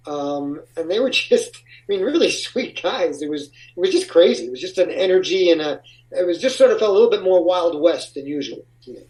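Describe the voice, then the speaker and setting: Male actor guest, slightly high voice, heard a bit distant from the mic, loose and rambling delivery. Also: darkish tone. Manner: rambling, with frequent restarts and laughs. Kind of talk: casual interview conversation.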